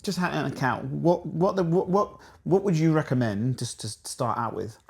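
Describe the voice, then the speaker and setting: A man's voice: fairly high pitch, lively intonation, normal speed, vocal fry, darkish tone. A middle-aged man hosting a podcast, talking casually with many restarts and acted-out quotes. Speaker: podcast host. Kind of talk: casual interview chat.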